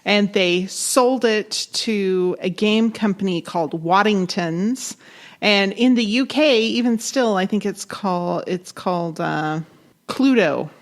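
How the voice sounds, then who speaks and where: Woman, podcast co-host, casual chat, attentive listener, brisk fact reading. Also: medium pitch.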